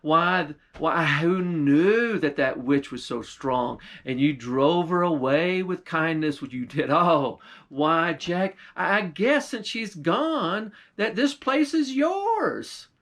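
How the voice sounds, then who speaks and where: A sweet young princess from a folktale, soft and wondering, as a man voices her. Folksy and plain, with a high pitch. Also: animated, takes it slowly, few pauses, exaggerated voice. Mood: amazed.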